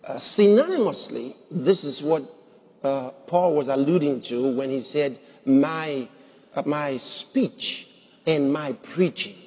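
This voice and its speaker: A pastor preaches emphatically, putting rhetorical questions to his congregation, in a voice a little high, darkish and breathy-edged, taking it slowly. The sound is dull, with long hall reverb.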